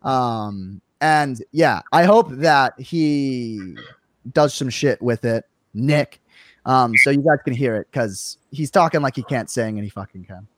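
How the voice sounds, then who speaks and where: A man's voice: mid-range voice, measured pace, no room sound. A young man in a band, chatting casually and rambling with filler words and casual swearing. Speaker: band member. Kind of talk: casual group chat.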